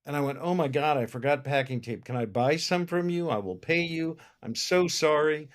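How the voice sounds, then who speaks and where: His voice is a little high and his pace moderate. He's a film producer in a casual interview, an animated storyteller who acts out the other people's lines in his anecdotes.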